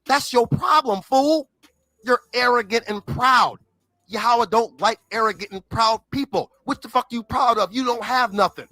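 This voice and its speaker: A man's voice: high voice, bright, forceful tone, no room sound. A man on a livestream, ranting and hurling insults in an aggressive, repetitive way.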